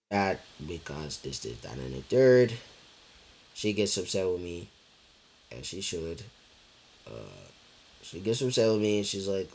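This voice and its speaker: A man's voice: low-pitched, animated, a little slow, darkish tone. A young man telling a personal story in a loose, rambling way, repeating himself, with lots of fillers and swearing. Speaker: vlogger. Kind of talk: casual storytelling chat.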